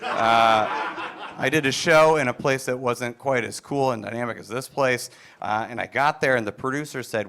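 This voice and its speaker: A middle-aged man from Wisconsin doing a stand-up set, telling stories with deadpan delivery and quiet asides. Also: mid-range voice, normal speed. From Wisconsin, USA. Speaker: stand-up comedian. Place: comedy stage.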